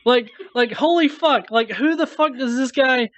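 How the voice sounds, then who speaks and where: High-voiced man ranting crudely. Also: moderate pace, a bit bright, slight background noise. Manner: crude, sarcastic, swears constantly. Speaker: host of a response video. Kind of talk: profane casual rant.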